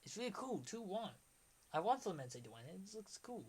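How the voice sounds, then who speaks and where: A young man in his twenties on a casual livestream, talking excitedly and rambling, often trailing off. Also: high voice, brisk, husky. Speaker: streamer.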